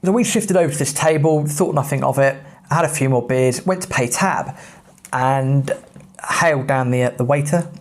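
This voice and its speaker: An English man in his thirties tells travel stories with a medium-pitched voice. He talks in a loose, chatty way, blunt and quick with a dry jab. He sounds like a podcast host looking back on an old trip. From England. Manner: chatty and blunt, with British slang. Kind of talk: casual travel storytelling.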